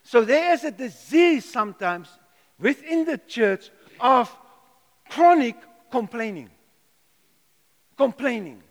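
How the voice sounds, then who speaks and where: A man's voice: extremely high pitch, animated, slow, vocal fry, pauses often. A man preaching a sermon, emphatic, repeating words and asking rhetorical questions. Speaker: pastor. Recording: long hall reverb.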